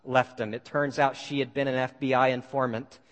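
A man telling a story to an audience in an animated way, with many fillers and restarts. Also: mid-range voice, a little fast. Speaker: speaker. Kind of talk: storytelling talk. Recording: long hall reverb.

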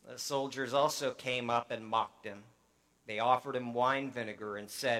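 A man's voice: medium pitch, normal speed, pushed and bright. A man preaching as pastor, reading scripture earnestly and breaking into conversational asides.

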